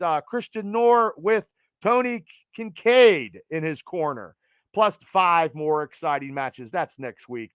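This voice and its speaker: A man's voice: high-pitched, a bit bright, smooth, no echo. A man hosting a podcast, rattling off event plugs in an announcer cadence and swearing casually. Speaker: podcast host.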